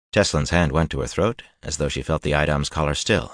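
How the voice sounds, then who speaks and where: A man reading a fantasy audiobook in a steady, even storytelling manner. His voice sits deep and the recording is close and completely dry. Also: a little fast, hardly any pauses, no room sound. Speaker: audiobook narrator. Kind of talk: scripted narration.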